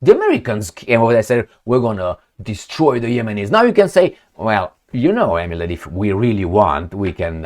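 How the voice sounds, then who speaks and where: A man with a foreign accent holds forth in an opinionated commentary vlog, his voice jumping up and down in pitch. He keeps throwing rhetorical questions at the viewer and rants through his points at a middling pitch. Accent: non-native accent of English. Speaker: political commentary host.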